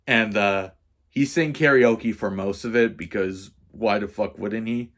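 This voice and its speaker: Low-voiced man ranting casually. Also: a little slow, fairly bright tone. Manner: profane, rambling, frequent fillers and restarts. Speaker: vlogger. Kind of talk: casual storytelling rant.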